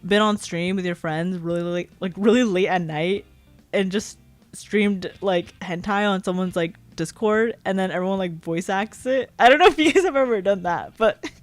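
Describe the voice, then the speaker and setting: A woman's voice: medium pitch, normal speed, no echo, faint music behind. A young woman in her twenties streaming a casual chat, rambling with lots of fillers and giggling often. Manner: filler-heavy, frequent "like".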